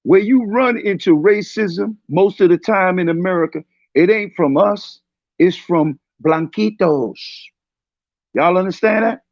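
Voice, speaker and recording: A man's voice: high voice, unhurried, dry recording. A man in his fifties speaking in a heated online discussion, preachy and confrontational, raising his voice at times, over dull lo-fi stream audio. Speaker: panel speaker.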